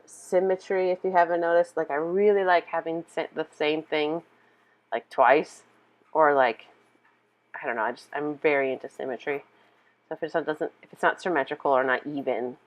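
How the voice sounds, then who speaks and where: A woman's voice: deep voice, rough recording. A woman giving casual, rambling commentary on her own build, chatty and giggly, full of fillers. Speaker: game video creator.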